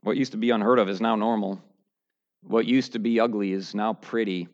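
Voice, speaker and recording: A man preaching a verse-by-verse sermon, dropping to low, quiet musing and then rising to loud, high mocking outbursts. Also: fairly even intonation, fairly quick, dull audio.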